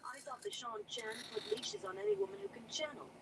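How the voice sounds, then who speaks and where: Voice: very high voice, sing-song, fairly quick, vocal fry, distant mic, noisy background, voice pushed up, full character voice. A hobby reader voicing a puzzled, outspoken young woman in a fantasy audiobook.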